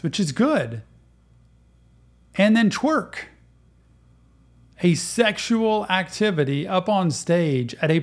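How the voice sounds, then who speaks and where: A man hosting a reaction video, talking earnestly and conversationally about a clip. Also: sits high. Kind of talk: reaction commentary.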